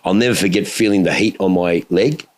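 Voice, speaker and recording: A lower-pitched middle-aged man, co-hosting a casual podcast. He tells stories in an animated way, swears freely and mimics engine noises as he goes. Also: fairly quick. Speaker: podcast co-host.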